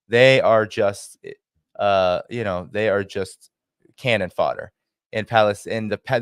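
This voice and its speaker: A male guest on a livestream talks through geopolitics in a forceful, argumentative way. His voice sits low. The sound is close and dry. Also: smooth, no echo. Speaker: guest commentator. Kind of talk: political commentary on a livestream.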